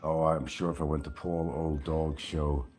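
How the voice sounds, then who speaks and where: A man's voice: rumbling low, little pitch movement, moderate pace, a little mellow, a little hiss or hum. An older man hosting a casual livestream, rambling and sarcastic with frequent chuckles. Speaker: livestream host.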